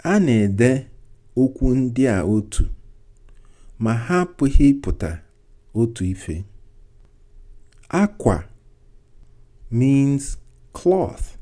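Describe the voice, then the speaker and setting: A man gives a beginner language lesson in a slow, unhurried voice. His tone is warm and mellow, and he repeats every phrase carefully in two languages so learners can follow. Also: mid-range voice, animated. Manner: slow and deliberate, repeating each line in English and Igbo. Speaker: language teacher.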